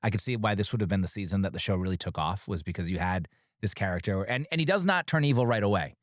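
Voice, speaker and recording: A man co-hosting a podcast in casual chat, animated and jumping into high voices when he quotes characters. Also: fast talker, dry recording, studio quality. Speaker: podcast co-host.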